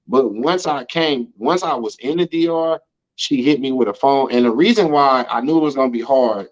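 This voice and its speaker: On a muffled recording, a medium-pitched American man tells stories as an interview guest. His casual chat is loose and slangy, and he keeps asking "you know what I'm saying."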